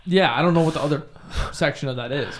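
A young man co-hosting a casual podcast chat, cursing freely and telling animated stories. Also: fairly high pitch, fast talker, slight background noise. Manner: profane, animated storytelling. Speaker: podcast co-host.

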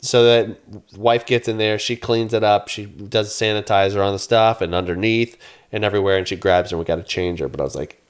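A man in his thirties, a podcast co-host, telling an animated story in casual chat, swearing and acting out his own yelling. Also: lowish voice, a little fast, clean tone.

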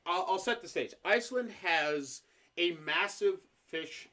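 A man's voice: high-pitched, animated, unhurried, pushed and bright. Joking, swearing male podcast co-host. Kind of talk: casual history podcast chat.

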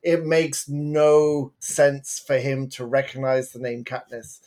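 A man's voice: medium pitch, completely flat delivery, slow pace, darkish tone. A man co-hosting a podcast, giving blunt, dry criticism of a movie in casual chat. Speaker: podcast co-host.

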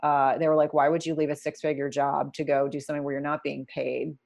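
A middle-aged woman, a nurse practitioner turned entrepreneur, telling her story in an interview in a candid, animated way with many restarts and asides. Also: deep voice, fast talker, creaky.

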